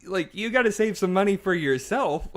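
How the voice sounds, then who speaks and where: Giggly man with a lively voice. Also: sits high, unhurried. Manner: laughs a lot, playful, joking. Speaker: co-host. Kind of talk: casual livestream gameplay chat.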